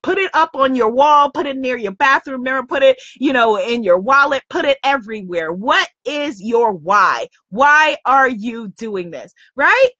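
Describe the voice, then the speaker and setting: A woman's voice: high voice, expressive, measured pace, hardly any pauses, sharp tone, no room sound, dull audio. A woman coach giving an emphatic, upbeat motivational lesson, repeating her key points. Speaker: spiritual business coach. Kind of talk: motivational teaching talk.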